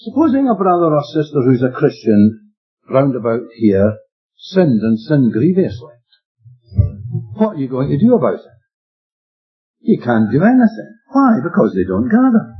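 With a somewhat high, breathy voice, a man teaches expositorily from Scripture. He speaks emphatically and plainly, peppering listeners with rhetorical questions, on a dull lo-fi recording carrying faint music.

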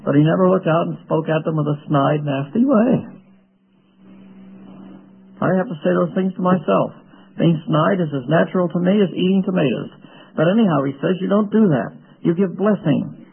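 A man's voice: high voice, fairly quick, creaky, husky. An older man preaching a sermon, telling folksy, joking stories from his own life. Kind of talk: sermon with personal anecdotes. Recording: tinny lo-fi radio broadcast.

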